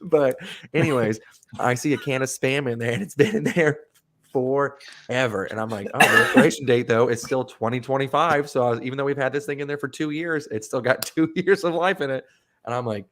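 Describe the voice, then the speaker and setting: A man hosting a podcast, telling rambling, animated stories in casual chat and swearing freely. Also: medium pitch, a little fast. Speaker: podcast host.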